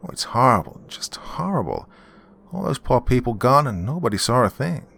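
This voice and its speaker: A man voicing an eerily cheerful male next-door neighbour who sounds oddly pleased, higher than his own deep voice. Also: big pitch swings, normal speed, creaky, exaggerated voice. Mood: falsely sympathetic. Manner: oddly bright, almost pleased.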